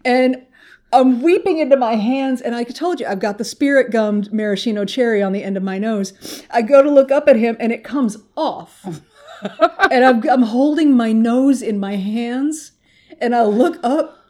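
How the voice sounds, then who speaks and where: A woman's voice: a little high, normal speed, darkish tone. A woman co-hosting a casual podcast, telling a comic story with lots of laughter and swearing. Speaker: podcast co-host.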